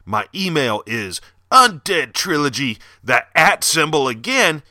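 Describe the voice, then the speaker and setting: A man with a Southern accent who hosts a podcast, reading a dark horror story and then plugging books in loud, animated chat. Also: fairly high pitch, measured pace, no room sound, clean studio sound. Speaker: podcast host and horror author.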